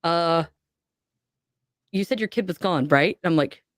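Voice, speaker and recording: A woman's voice: fairly low pitch, a little slow, no echo, clean studio sound. Woman vividly telling a spooky story. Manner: animated storyteller, acts out quoted voices. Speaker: podcast guest. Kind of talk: telling a personal ghost story.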